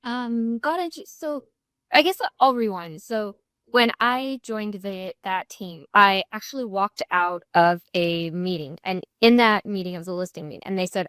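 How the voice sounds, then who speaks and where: A woman's voice: medium pitch, moderate pace, fairly bright tone, clear, resonant tone, no room sound, clean studio sound. A woman, a real estate coach, talking candidly in an interview and often acting out what people said. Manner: candid storytelling with frequent restarts, acts out quoted dialogue. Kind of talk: casual interview conversation.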